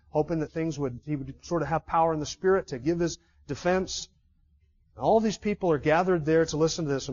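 A male preacher with a high voice delivers a sermon as a vivid story. He pauses to ask his listeners rhetorical questions. The recording sounds slightly muffled. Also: a little mellow.

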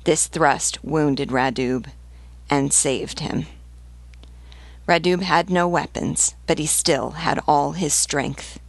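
A woman teacher reading a novel aloud in a measured, steady way. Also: deep voice, no room sound.

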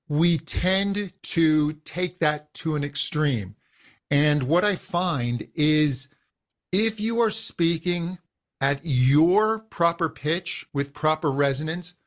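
A middle-aged man, a vocal coach, explaining voice and breathing in a calm, instructive way during an interview. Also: a little high. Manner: calm, instructive, uses physical demonstrations of voice.

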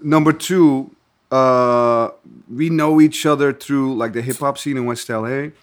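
A man's voice: medium pitch, fairly even intonation, unhurried. A man hosting a podcast, chatting casually with an old friend in a loose, rambling way. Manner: loose, rambling, stops and restarts. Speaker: podcast host. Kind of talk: casual chat.

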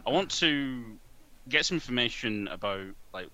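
Bright-voiced man thinking aloud. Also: medium pitch, lively intonation, moderate pace. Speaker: player. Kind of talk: tabletop game chat.

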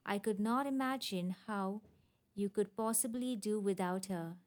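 A woman voicing a sympathetic, soft-hearted married daughter in a storybook reading, in a plaintive tone. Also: medium pitch, a little slow, natural voice.

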